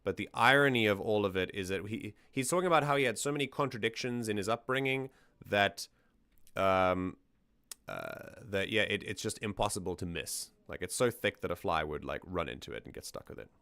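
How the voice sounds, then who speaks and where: Male streamer, lowish and clean-toned, dry close sound, thinks aloud while breaking down lyrics. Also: a little fast, sharp tone, no room sound. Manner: musing, thinks aloud with restarts. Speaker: stream host. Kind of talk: casual lyric analysis on a livestream.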